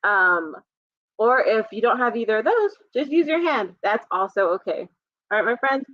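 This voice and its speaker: A woman librarian leading a live storytime for young children, reading aloud and explaining in a gentle, encouraging way. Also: fairly high pitch, animated, moderate pace, no echo, lo-fi sound.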